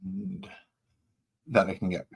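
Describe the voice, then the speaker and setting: A man with a West Midlands accent chats casually on a live stream while setting up and painting, rambling and poking fun at himself. His voice is deep and husky, at a normal speed.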